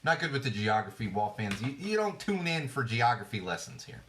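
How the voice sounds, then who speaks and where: A man's voice: mid-range voice, big pitch swings, brisk, a bit bright, slight background noise. A man in his thirties hosting a podcast, rambling casually and sarcastically about TV trends with lots of fillers and restarts. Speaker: podcast host. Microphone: podcast microphone.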